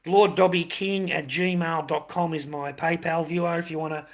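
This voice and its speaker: A man's voice: a little high, steady tone, moderate pace. An older Australian man talking casually on a livestream, blunt and repetitive, swearing often as he vents.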